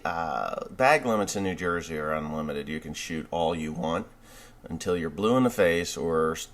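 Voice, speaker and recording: Blunt, deep-voiced farmer man. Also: a bit bright. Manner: blunt, wry and profane. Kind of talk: casual vlog narration.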